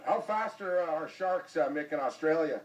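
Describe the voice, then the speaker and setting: A man's voice: a little high, normal speed, recorded from a distance, low-quality recording. A man hosting a sports talk show, joking and teasing his guest, often repeating himself. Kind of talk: casual sports chat.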